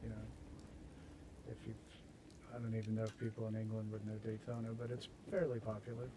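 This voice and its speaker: A man's voice: lowish voice, little pitch movement, fairly quick, noisy background. Rambling American man streaming a game. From United States. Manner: rambling, self-mocking, laughs at his own jokes. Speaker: streamer host. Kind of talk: casual chat while building in a game.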